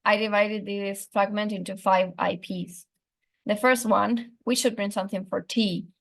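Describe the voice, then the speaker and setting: A woman's voice: medium pitch, creaky. A young adult woman, a student, giving a methodical, prepared academic presentation of her assignment. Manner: methodical, explanatory delivery.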